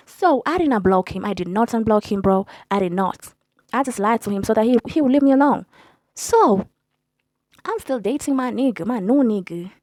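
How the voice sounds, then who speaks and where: A young woman telling a story in a blunt, profane, animated way as a storytime vlogger. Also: on the high side, normal speed, pauses often, no echo. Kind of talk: casual storytelling.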